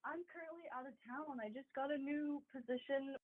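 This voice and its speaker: A woman's voice: high-pitched, fairly even intonation, a little fast, no echo. A woman hairstylist on a phone call, apologetic and flustered, fighting the giggles. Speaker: hairstylist receiving a prank call. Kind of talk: phone conversation. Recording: tinny phone line.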